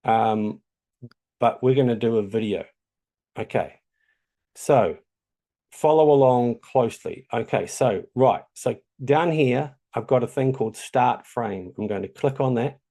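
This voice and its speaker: A New Zealand-accented man gives an easygoing screen-share tutorial, chatty and loose, with many ums along the way. He sounds unhurried, his medium-pitched voice dark in tone.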